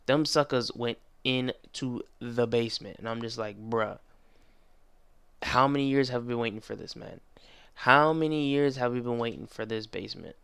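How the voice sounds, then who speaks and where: A young man giving a casual anime episode review, excitable and rambling, full of slang and restarts. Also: medium pitch, normal speed, gravelly, clear, resonant tone, no echo.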